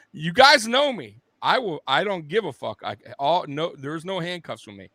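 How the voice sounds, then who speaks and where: A man's voice: a little high, sing-song, normal speed, sharp tone, dry recording. A man hosting a sports show, ranting bluntly and with heavy profanity, like a fired-up fan. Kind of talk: casual sports rant.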